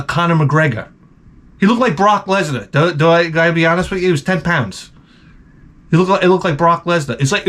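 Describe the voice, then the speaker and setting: A fairly high-voiced man rants through his advice, blunt, exasperated and full of swearing. He rambles and circles back on himself, a little tipsy from the beer, in a loose comedic vlog style. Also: a bit bright. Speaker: advice vlogger answering viewer questions.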